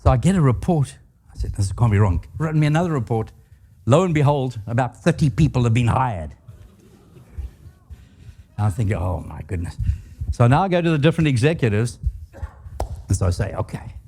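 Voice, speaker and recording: A man's voice: mid-range voice, lively intonation, a little fast, pauses often, mellow, a little hiss or hum. An older man giving a leadership talk to a live audience, telling stories with humor and asking the audience questions. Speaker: guest speaker.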